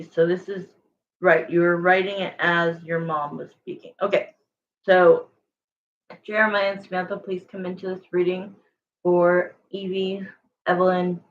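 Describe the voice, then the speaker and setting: A woman's voice: lowish voice, fairly even intonation, unhurried, highs cut off, slight background noise. A woman doing a casual livestream tarot reading, chatty and rambling, often stopping to correct herself while answering viewers. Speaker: tarot reader.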